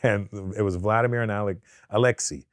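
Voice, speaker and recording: A man being interviewed, talking casually. He swears a lot, stammers through restarts and tells stories with lively put-on voices. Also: on the low side, a little fast, no echo, studio quality. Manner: profane, stammering restarts, animated storytelling with put-on accents. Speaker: comedian guest.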